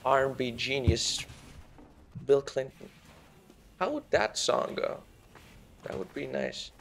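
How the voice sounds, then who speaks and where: A man's voice: medium pitch, expressive, takes it slowly, gravelly, fairly bright tone, slight background noise, heavily acted. A man doing a celebrity impression while commentating a game, meandering and self-mocking and easily sidetracked. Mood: rambling. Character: slow, gravelly, rambling celebrity-impression man.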